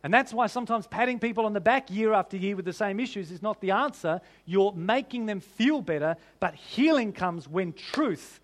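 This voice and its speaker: A man with a high-pitched voice preaches a sermon to his congregation. He keeps it conversational and often asks the listeners rhetorical questions. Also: animated, normal speed, few pauses. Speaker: pastor.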